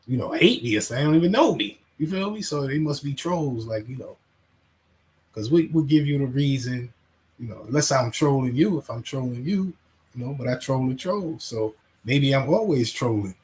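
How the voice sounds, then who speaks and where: A man's voice: mid-range voice, animated, moderate pace, darkish tone. A man hosting a casual livestream, rambling, laughing and reading chat names aloud. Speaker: livestream host.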